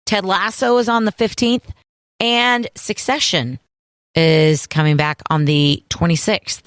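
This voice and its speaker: A woman co-hosting a radio show, running briskly through items. Her voice sits at an ordinary middle pitch, close on a studio mic. The sound is dry. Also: fairly even intonation, clear, resonant tone, no room sound. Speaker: radio co-host. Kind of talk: morning radio show chat.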